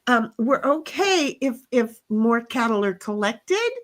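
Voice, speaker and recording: Chatty woman co-host with a fairly high voice, jokes around and drawls out viewer comments. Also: animated, slow, a bit bright. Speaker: co-host of a chat livestream. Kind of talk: casual chat reading out viewer comments. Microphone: desk mic.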